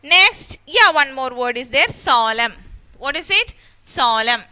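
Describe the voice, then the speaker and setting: A woman teacher giving an online lesson, spelling out letters slowly and repeating words with stress. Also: high-pitched, animated, pushed and bright, smooth. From India.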